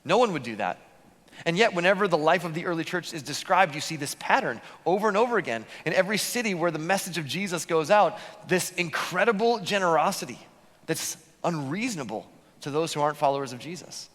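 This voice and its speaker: A man's voice: fairly high pitch, lively intonation, fairly quick, fairly bright tone. Man preaching in an echoey church. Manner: storytelling, conversational with fillers. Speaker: pastor. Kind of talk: sermon. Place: church auditorium. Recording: church hall reverb.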